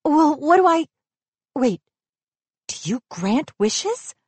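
A woman voicing an earnest, hopeful young heroine in a storybook reading, talking eagerly and apologizing quickly. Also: high-pitched, very animated, a little mellow, dry recording, voice pushed up, exaggerated voice. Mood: earnest, flustered.

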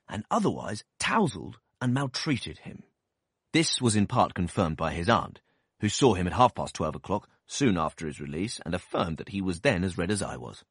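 A man narrating a classic novel as an audiobook, in an expressive, measured storytelling manner. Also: sits low, slightly rough, dry recording, studio quality.

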